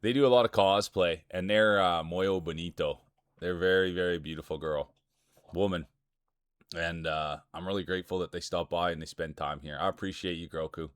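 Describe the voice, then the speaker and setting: A man's voice: sits low, steady tone, normal speed, smooth, no room sound, studio quality. A man streaming live, chatting casually and rambling while greeting viewers by name.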